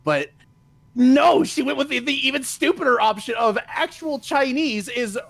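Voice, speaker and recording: A man reacting on a live stream with a gravelly edge to a bright, forceful voice. He laughs hard, swears freely and sounds openly incredulous. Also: very high voice, lively intonation, moderate pace. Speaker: stream co-host.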